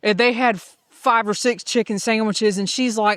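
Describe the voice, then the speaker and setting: A woman's voice: medium pitch, steady tone, fairly quick, a bit bright, clear, resonant tone, dry recording, clean studio sound. Chatty Southern woman on the trail. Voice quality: upbeat, chatty storyteller. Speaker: hiker vlogger. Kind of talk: casual audio vlog.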